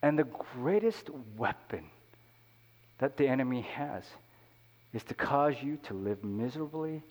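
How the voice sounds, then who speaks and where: A man's voice: medium pitch, lively intonation, measured pace, a little mellow. A man, a pastor, preaching a sermon in a conversational way, with many "you know" asides. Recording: long hall reverb.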